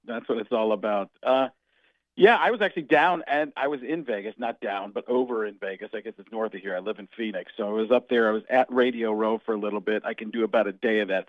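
A man being interviewed as a comedian guest, talking in an animated, jokey way that slides into impressions. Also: lowish voice, no room sound, highs cut off. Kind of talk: casual radio interview.

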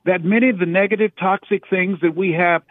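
A man's voice: high voice, fairly even intonation, a little fast, dry recording. A man giving a preacherly motivational talk as a radio guest, stressing his points by repeating words. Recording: tinny phone line.

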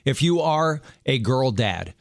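Man radio host in his fifties, earnest, mid pitch, dry studio sound. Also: big pitch swings, slow, creaky, dry recording. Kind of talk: radio show talk.

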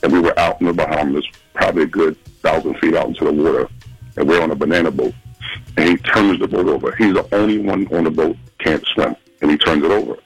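Man, very low voice, husky, dry sound, calling in, lively storyteller. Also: fast talker, no room sound, soft background music, rough recording. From Philadelphia. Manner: animated, acts out quotes in a high voice. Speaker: phone-in guest. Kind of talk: casual storytelling on radio. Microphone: phone call.

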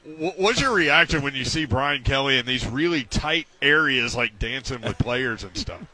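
A man's voice: medium pitch, lively intonation, moderate pace, bright, forceful tone. A man hosting a sports talk radio show, asking questions in an easygoing way. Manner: easygoing interviewer, brief reactions.

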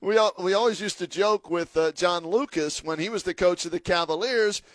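Chatty high-voiced male sports radio host. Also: normal speed, a bit bright, no echo. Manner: chatty, friendly banter with fillers.

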